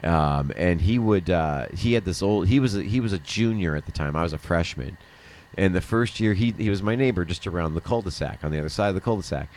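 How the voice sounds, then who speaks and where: A man's voice: deep voice, animated, brisk, darkish tone. A middle-aged man hosting a livestream, telling a rambling personal story in casual chat, often laughing and swearing. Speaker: livestream host.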